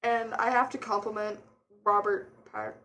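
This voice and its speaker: A woman co-hosts a casual chat in a mid-pitched voice. She rambles along in a chatty way, circling back over her points. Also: very animated, normal speed, fairly bright tone. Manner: chatty, rambling with fillers and restarts. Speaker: co-host.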